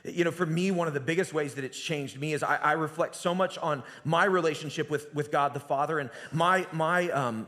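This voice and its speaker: A man giving a sermon as pastor, telling the story conversationally and dropping to a hushed voice at times. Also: fairly high pitch. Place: church sanctuary. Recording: long reverb of a church hall.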